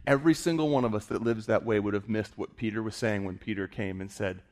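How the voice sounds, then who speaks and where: A man's voice: fairly low pitch, quick pace, darkish tone. Man preaching an impassioned sermon. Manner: impassioned preaching with repeated phrases.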